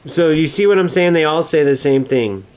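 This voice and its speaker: A man's voice: a little high, animated, normal speed, darkish tone, smooth. A young man, a gaming YouTuber, ranting in mocking, exasperated gameplay commentary.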